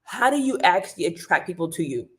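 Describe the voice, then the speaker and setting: A woman hosting a live stream, giving an energetic motivational pep talk about earning extra income and greeting viewers in the chat by name. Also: on the low side, quick pace. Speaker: livestream host and business coach. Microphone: streaming mic.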